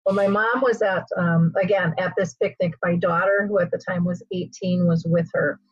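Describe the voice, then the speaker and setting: A woman hosting an interview, an animated storyteller who uses frequent fillers, on a dull lo-fi recording. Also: lowish voice, normal speed, husky, no echo. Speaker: host.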